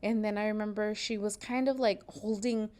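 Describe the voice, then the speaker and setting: A seamstress and podcast host, the young woman talks from her sewing studio in a medium-pitched, steady, slightly mellow voice at normal speed. Her storytelling is casual and profane, with people's words acted out.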